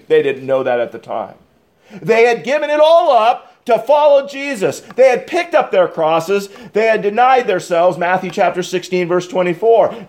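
A male pastor preaching a sermon, deliberate and emphatic, repeating key phrases. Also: sits high, a little mellow.

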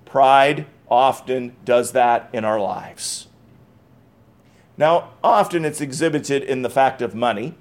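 A man's voice: medium pitch, slow pace. A man preaching a sermon, emphatic and repeating key phrases, with conversational asides between scripture readings. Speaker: pastor.

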